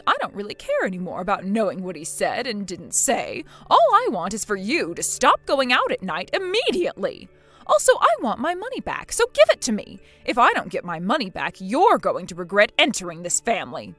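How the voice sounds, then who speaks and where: A woman's voice: mid-range voice, huge pitch swings, normal speed, hardly any pauses, a bit bright, soft background music. A woman voicing a scornful mother-in-law. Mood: threatening. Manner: harsh, scolding. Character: scornful bossy middle-aged mother-in-law. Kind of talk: text-message drama reading.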